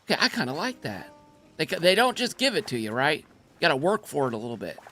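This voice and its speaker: A man hosting his own gaming channel, giving excitable, playful gameplay commentary and laughing easily. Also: a little high, fast, faint music behind.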